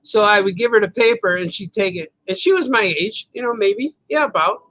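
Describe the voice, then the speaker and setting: Hosting a casual chat show, a cartoonist reads viewer comments on his livestream and drifts into rambling stories, laughing often between words and repeating words playfully for effect. His voice is high, pushed and bright, and he talks a little fast. There's no room sound, though the audio quality is poor.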